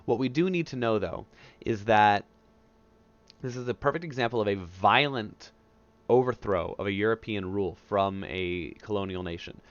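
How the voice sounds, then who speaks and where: A man's voice: on the low side, expressive, no room sound, muffled recording. A male history teacher giving a casual, conversational recorded lecture over a headset mic. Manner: casual, conversational, acts out historical figures in quick asides.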